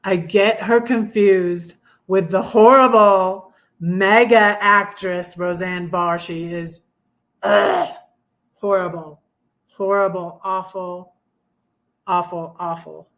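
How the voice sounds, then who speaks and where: A woman's voice: lowish voice, fairly even intonation, slow, fairly bright tone. A middle-aged woman hosting a casual livestream, rambling with fillers and restarts as she chats. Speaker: livestream host reading poems. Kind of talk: casual livestream chat and poetry reading.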